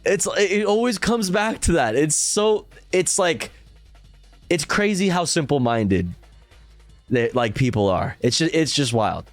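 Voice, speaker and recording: A man's voice: a little high, animated, a little slow, no room sound, faint music behind. A man streaming a casual reaction, telling a rambling story full of swearing and laughter.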